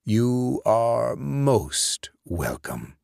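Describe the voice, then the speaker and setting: Man doing a slow, gracious old grandfather. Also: mid-range voice, very animated, gravelly, darkish tone, no echo, clean studio sound, exaggerated voice. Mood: courteous. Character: courteous old German-speaking grandfather.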